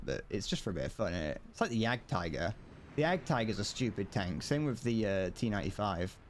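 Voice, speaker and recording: A man's voice: lowish voice, a little hiss or hum. A young man streaming a tank game, chatting casually with viewers and often restarting sentences. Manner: rambling, frequent restarts and chuckles. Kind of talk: casual gaming livestream chat. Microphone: desk mic, wearing headphones.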